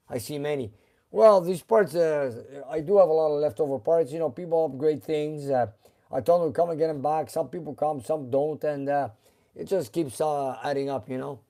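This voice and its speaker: A middle-aged man hosts a casual live stream from his garage and reads viewer comments aloud. His voice sits a bit high for a man but sounds mellow and soft-edged. He talks in a relaxed, unhurried way and stops often on "uh" as he hunts for words. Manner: relaxed, halting, with many uh fillers.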